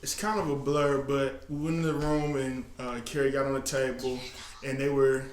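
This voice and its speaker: A man telling a story in casual chat, speaking haltingly with fillers and restarts. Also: mid-range voice, flat delivery, a little hiss or hum. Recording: echoey room.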